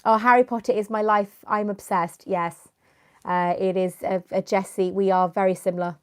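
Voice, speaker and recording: A woman's voice: mid-range voice, fairly even intonation, normal speed, clean tone. A young woman, chatting casually on a live stream, rambling and answering viewers by name, with a runny nose. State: runny nose, clearing her throat. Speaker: YouTuber hosting a live stream.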